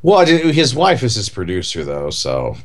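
Deep, lively man rambling in chat. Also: normal speed. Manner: rambling, full of "like" and "you know". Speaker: podcast co-host. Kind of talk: casual chat.

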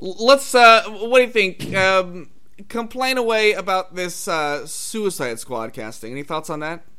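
A man's voice: high voice, a little slow, sharp tone, clear, resonant tone. A man co-hosting a casual movie chat, rambling and hedging as he talks. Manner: rambling, hedging with "I mean" and "it's like".

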